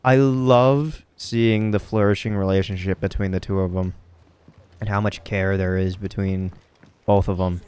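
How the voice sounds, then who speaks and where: A man's voice: low-pitched, fairly even intonation, a little slow, darkish tone, clear, resonant tone. A man with an American accent giving casual let's play commentary, joking and laughing as he plays. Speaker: game streamer.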